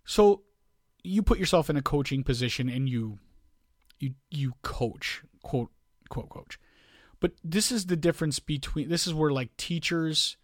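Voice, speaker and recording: A man's voice: fairly high pitch, expressive, unhurried, no echo, studio quality. A man co-hosting a podcast in casual chat, rambling and often restarting his sentences while he hunts for words. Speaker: podcast co-host.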